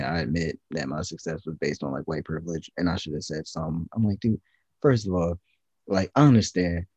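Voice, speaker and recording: Deep dark-voiced man, casual rambling chat. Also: breathy edge, no room sound. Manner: rambling, loose, lots of fillers and restarts. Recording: dull lo-fi sound.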